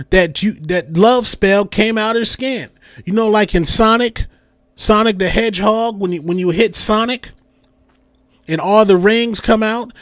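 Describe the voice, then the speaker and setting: A young podcast host launches into a comedic, animated rant, slipping into little voices and returning again and again to his catchphrases. His voice is fairly high for a man, and the recording is dry and close with no room sound.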